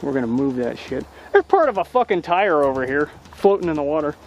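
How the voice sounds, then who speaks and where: A man's voice: on the high side, big pitch swings, fairly quick, noisy background. A man chatting casually and profanely, joking around outdoors at a lake while fixing a boat. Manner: profane, joking, laughs often. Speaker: boat owner and vlogger.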